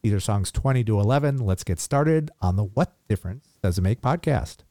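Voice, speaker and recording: A man's voice: fairly low pitch, expressive, a little fast, warm tone, no echo. A man co-hosting a music podcast, playful and chatty. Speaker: podcast co-host. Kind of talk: casual podcast chat.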